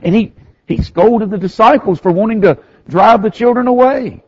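A male pastor preaching a sermon, telling the story with animated swings from hushed to raised delivery. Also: sits high, normal speed, husky, lo-fi sound.

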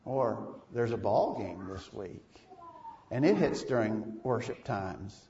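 A man's voice: fairly low pitch, expressive, takes it slowly, creaky, crowd noise. A man preaching a sermon in a church, emphatic and posing rhetorical questions to his congregation. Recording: echoey, distant, dull.

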